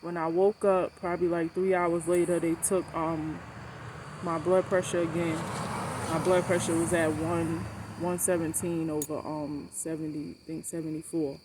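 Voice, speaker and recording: A woman vlogging about her cancer treatment, telling a story to camera in a blunt, animated way, swearing freely and repeating points for emphasis. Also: sits low, normal speed, background noise.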